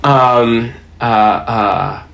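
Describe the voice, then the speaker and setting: A man's voice: mid-range voice, very slow, vocal fry, a bit bright. A man and dungeon master chatting as a podcast guest, telling stories in a rambling, self-amused way. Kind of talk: casual chat.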